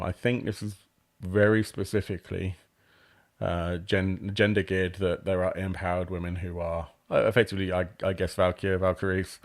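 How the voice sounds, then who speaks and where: A man's voice: deep voice, gravelly. A man hosting a casual stream about tabletop games, rambling and self-deprecating, with plenty of ums and apologies as he reads. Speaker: host reviewing crowdfunding games. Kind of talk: casual live-stream commentary.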